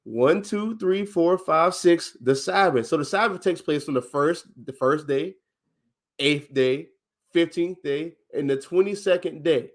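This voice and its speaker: A man with a somewhat high voice teaches on a casual livestream. He speaks with emphasis, stops to put questions to his listener, and counts days out loud on his fingers. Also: unhurried.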